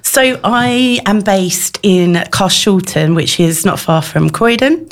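A woman guest with a slightly hoarse voice from a cough, talking about her retreats. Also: medium pitch, slow.

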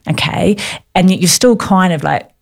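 A woman's voice: lowish voice, moderate pace, vocal fry. A middle-aged woman, talking in a brash, confident way and laughing easily in a casual radio chat. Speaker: guest, business owner.

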